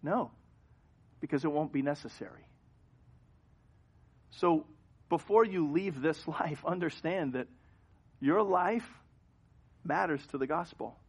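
Animated high-voiced male preacher. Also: slow, long pauses, breathy edge. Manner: animated storytelling, swings from hushed to loud. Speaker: pastor. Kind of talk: sermon. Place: church sanctuary.

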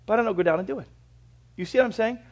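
A male pastor preaching a sermon in a church, folksy and conversational, swinging between quiet reflection and loud, lively bursts. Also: high-pitched, racing. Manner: folksy, conversational preaching with everyday examples and asides.

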